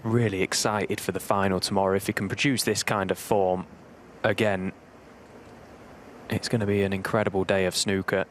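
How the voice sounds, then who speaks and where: A former player turned co-commentator, he breaks down the play in a measured, analytical way. His voice sits a little low. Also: little pitch movement, slight background noise. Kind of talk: live sports commentary.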